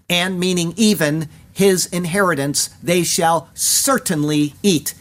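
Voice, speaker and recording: A man with a slightly higher voice gives an earnest, emphatic verse-by-verse Bible commentary. He reads out Hebrew phrases and stresses them as he explains the text. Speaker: Bible teacher.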